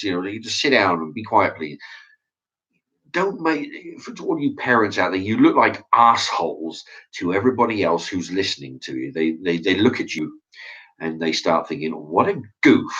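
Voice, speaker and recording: Guy ranting blunt and sweary, kinda husky, muffled lo-fi sound. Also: deep voice, fairly bright tone. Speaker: channel host reading viewer comments. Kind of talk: casual opinion chat. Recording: dull lo-fi sound.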